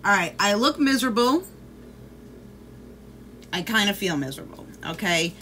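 A woman's voice: mid-range voice, lively intonation, normal speed, a bit bright, a little hiss or hum. A woman chatting casually on a livestream, swearing freely and greeting viewers by name. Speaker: vlogger.

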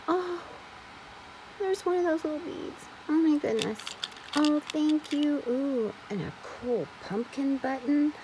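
A woman excitedly unboxing craft supplies in a casual vlog, gushing with frequent gasps and exclamations. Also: sits high, measured pace, background noise. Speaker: craft vlogger unboxing a swap package.

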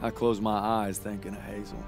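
An actor playing a young American infantry soldier with a Southern accent, narrating in a measured, journal-like way in a war game. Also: male voice, on the low side, level tone, gravelly, soft background music. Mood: reflective. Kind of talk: scripted game voice acting.

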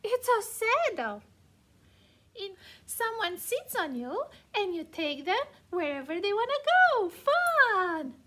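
A prim, vain storybook horse with a fussy, slightly superior way of talking, as a woman reading aloud puts it on. Its lines come high and slow, drawn out with care. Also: very animated, sharp tone, full character voice. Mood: cheerful.

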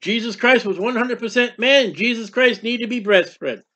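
Fervent high-voiced man preaching. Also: moderate pace, bright, forceful tone, lo-fi sound. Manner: fervent, repetitive preaching with rhetorical questions and acted-out prayers. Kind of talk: sermon.

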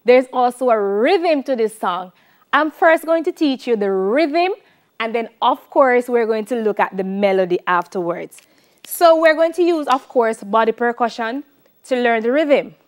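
A woman's voice: on the high side, animated, a little slow, clear, resonant tone. A woman with a Jamaican accent teaching a televised music lesson, chanting syllables and counting out rhythms for students to clap along.

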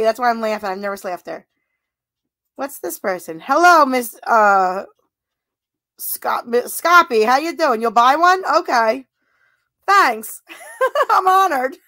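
High, slow-talking giggly woman streamer. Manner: giggly, laughs often; chatty, flattered and thankful to viewers. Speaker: livestream host. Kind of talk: casual livestream chat reading viewer comments.

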